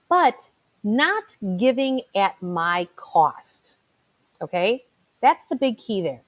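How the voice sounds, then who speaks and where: A woman's voice: mid-range voice, very animated, takes it slowly. A middle-aged woman, a financial advisor giving a motivational talk in a chatty storytelling way, full of fillers. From Chicago.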